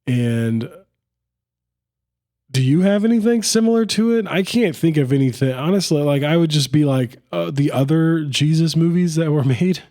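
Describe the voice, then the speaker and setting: A man's voice: a little high, moderate pace, dark tone. A man co-hosting a casual film podcast, laid-back and rambling, with lots of "like" fillers. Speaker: podcast co-host.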